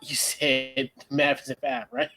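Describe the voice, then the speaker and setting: A man co-hosting a casual sports talk show, playful and quick to laugh. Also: medium pitch, sing-song, creaky, bright, forceful tone. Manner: laughing, playful, hypes people up. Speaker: podcast co-host.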